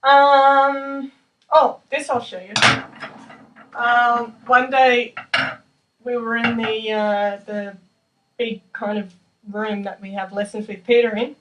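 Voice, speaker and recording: A woman's voice: a little high, flat delivery, takes it slowly, long pauses, highs cut off, background noise. A young woman, a percussion student, casually demonstrating snare exercises in a practice room, chatty and self-deprecating with many fillers. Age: young adult. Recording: distant mic with drumming behind.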